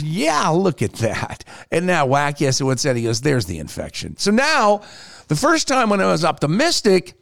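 A man hosting his own podcast talks in a relaxed, rambling way, his voice sitting a little high and bouncing up and down as he tells a story. The sound is dry and close, with no room behind it. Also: gravelly, no echo. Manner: animated storytelling, quick pitch swings. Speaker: podcast host. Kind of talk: casual solo podcast talk.

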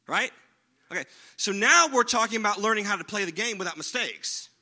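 A man's voice: high voice, animated, a little fast, pushed and bright. A man preaching a sermon in a conversational way, often checking in with his listeners by asking "right?". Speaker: pastor.

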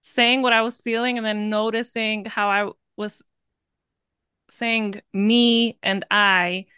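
A woman's voice: a little high, level tone, slow, bright, forceful tone, clear, resonant tone, no room sound, clean studio sound. A woman co-hosting a podcast, chatting casually and laughing easily. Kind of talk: casual chat.

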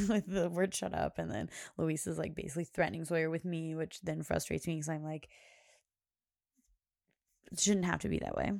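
Gravelly low-voiced woman chatting. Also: a little mellow, no room sound, clean studio sound. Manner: rambling, filler-heavy storytelling. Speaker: podcast host. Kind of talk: casual chat.

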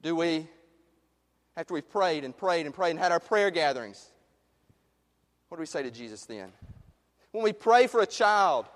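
A man preaching a sermon as pastor, passionate, rising to loud emphasis and dropping to hushed questions. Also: on the high side. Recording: long reverb of a large hall.

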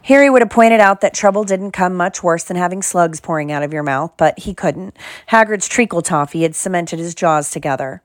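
A woman narrating an audiobook in a steady storytelling read. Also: fairly low pitch, moderate pace, no echo, clean studio sound. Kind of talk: scripted narration.

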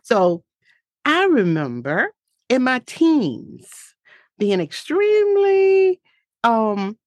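A woman's voice: on the high side, very animated, extremely slow, darkish tone, no echo. A woman giving a heartfelt, faith-filled motivational talk in an earnest, reflective way.

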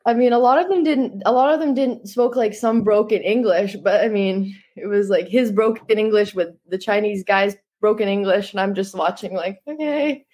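A woman's voice: medium pitch, steady tone, moderate pace, few pauses, a little mellow, husky. A young adult woman, a podcast guest, chatting casually and telling stories with lots of fillers and laughs. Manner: chatty, storytelling, laughs often, many fillers. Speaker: guest, Olympic hockey player.

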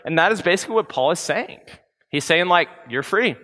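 Young male preacher, chatty and informal, bright forceful tone, reverberant hall. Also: high-pitched, quick pace. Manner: casual, conversational preaching with slang and fillers. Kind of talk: sermon.

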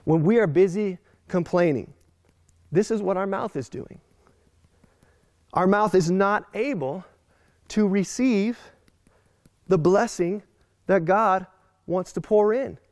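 A man preaching a sermon as a pastor, animated and slipping into quoted voices. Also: high voice, slow, long pauses, no echo, studio quality.

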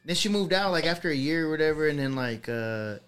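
A man's voice: a little high, lively intonation, fast talker, a bit bright, smooth. A young man telling a personal ghost story on a podcast, rambling with lots of fillers and swearing. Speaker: podcast co-host. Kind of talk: casual storytelling.

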